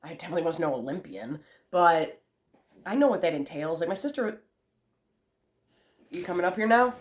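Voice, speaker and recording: A woman's voice: on the low side, animated, moderate pace. A young woman rambling casually to camera at home, swearing freely as she chats. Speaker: vlogger. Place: family room at home.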